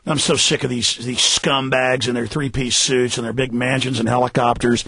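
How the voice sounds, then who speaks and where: A man's voice: mid-range voice, level tone, normal speed, bright, forceful tone, no echo. A man hosting a talk radio show, delivering a fiery, heated rant.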